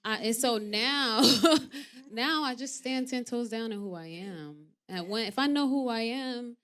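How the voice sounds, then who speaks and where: A woman in her thirties, an actress guest on a talk show, telling candid stories; she acts out quoted voices with big jumps in pitch and loudness, and drops soft and low when serious. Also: measured pace. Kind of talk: candid conversational storytelling.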